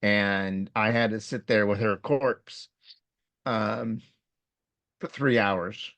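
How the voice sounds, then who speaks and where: A man's voice: lowish voice, fairly even intonation, slow, a bit bright, no echo. A man co-hosting a podcast, talking plainly and reflectively about a painful loss, saying he is in tears. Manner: plain, reflective, speaks of crying. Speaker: podcast co-host. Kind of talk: casual emotional chat.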